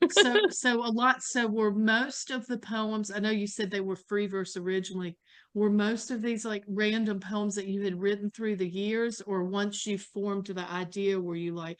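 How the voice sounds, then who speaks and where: A woman's voice: medium pitch, fairly even intonation, normal speed, a bit bright, smooth. Woman, interviewer, effusive, enthusiastic, casual chat. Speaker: interviewer at a book launch.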